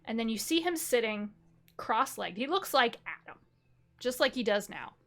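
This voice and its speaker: A woman narrating a tabletop game as game master, telling scenes slowly with descriptive detail and fillers. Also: a little high, big pitch swings, a bit bright. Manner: slow, descriptive storytelling with fillers.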